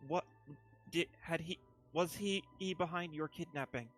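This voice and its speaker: A man playing a tabletop game, speaking in character in a hesitant, halting way. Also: on the high side, a bit bright, no room sound, soft background music. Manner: hesitant, halting, restarts often. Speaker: player. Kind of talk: casual in-character play.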